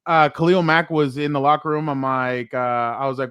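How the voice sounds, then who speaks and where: A man co-hosting a sports podcast, telling excited stories from the locker room and quoting players in a casual, chatty way. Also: medium pitch, normal speed, clear, resonant tone, no room sound, clean studio sound. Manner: excited storytelling, quotes players. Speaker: sports podcast co-host and reporter.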